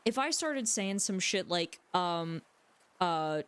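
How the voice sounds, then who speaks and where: A woman's voice: lowish voice, animated, slow, fairly bright tone, clean tone. A woman livestreamer in casual chat, rambling and joking as she talks to her viewers from home. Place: home room.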